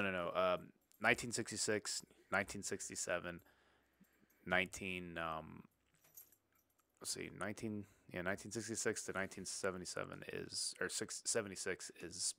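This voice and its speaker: A man's voice: sits low, vocal fry, pushed and bright. A young man from the American South, co-hosting a casual movie podcast in a rambling, swearing way. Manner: rambling, lots of filler and restarts, swears casually. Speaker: podcast co-host.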